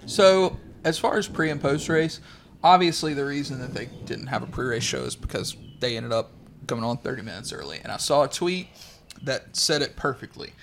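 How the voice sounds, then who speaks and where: A man's voice: medium pitch, lively intonation, fairly quick, fairly bright tone. Enthusiastic man, casual chat. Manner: enthusiastic, opinionated, laughs easily. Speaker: podcast co-host. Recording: faint background noise.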